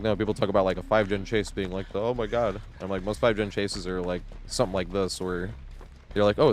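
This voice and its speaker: Low-voiced man swearing through gameplay banter. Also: slight background noise. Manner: laughs often, swears freely, tells stories animatedly. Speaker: game streamer. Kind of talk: casual live gameplay commentary.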